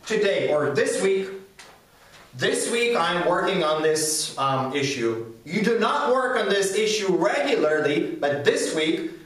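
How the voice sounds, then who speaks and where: Echoey, high-voiced man teaching grammar. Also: big pitch swings, measured pace, fairly bright tone, recorded from a distance. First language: Ukrainian. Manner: patient, repeats "all right?" and "okay?". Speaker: English teacher. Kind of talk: explanatory lesson. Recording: echoey room, speaker away from the mic.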